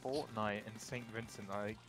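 A man's voice: fairly low pitch, fairly even intonation, normal speed. A man guest on a charity game stream who chats playfully and explains game details. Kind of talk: casual stream chat.

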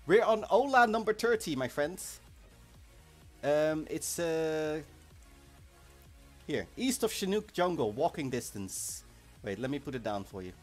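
A man hosting a live game stream in a casual, chatty way. His voice sits a little high and swings widely in pitch as he gets excited. Faint music plays behind him. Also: unhurried. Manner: lively, chatty, excitable with bursts of shouting. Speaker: livestream host of an online game event.

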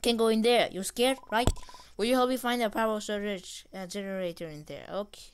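Excitable woman narrating a game. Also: medium pitch, fairly quick, clean tone. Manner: reads game dialogue aloud, excitable. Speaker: gamer. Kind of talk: gameplay commentary.

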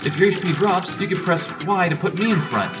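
A man's voice: high-pitched, lively intonation, a little fast, pitched above the performer's own voice. A man voicing a peppy, squeamish young female mushroom creature from a video game. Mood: chirpy. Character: chirpy know-it-all young female Goomba. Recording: distant mic with loud game music.

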